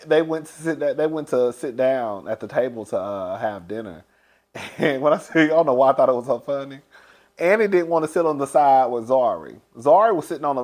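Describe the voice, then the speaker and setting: A man's voice: medium pitch, darkish tone. A man chatting casually as a show reviewer, dishing gossip, calling listeners "girl" and often breaking into laughter. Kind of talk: casual gossipy recap chat.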